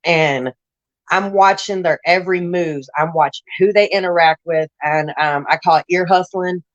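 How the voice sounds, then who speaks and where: A woman's voice: on the low side, moderate pace, lo-fi sound. A woman telling her life story in a casual interview, blunt and raw, rambling with restarts.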